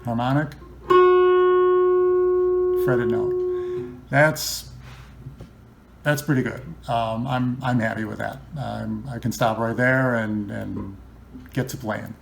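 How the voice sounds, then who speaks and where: A man's voice: on the low side, fairly even intonation, slow pace, gravelly, a bit bright. A man giving a casual, chatty how-to, explaining guitar setup with many ums and restarts. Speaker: guitar builder demonstrating setup. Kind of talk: casual instructional talk.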